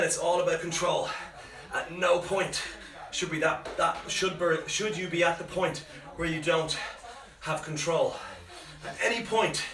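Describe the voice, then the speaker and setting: A man's voice: fairly high pitch, bright, forceful tone, far from the mic. A man coaching a live home workout, calling out countdowns with energy while exerting himself and breathing hard. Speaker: fitness coach. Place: home room. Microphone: phone camera at a distance. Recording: echoey room, voice off-mic, faint music.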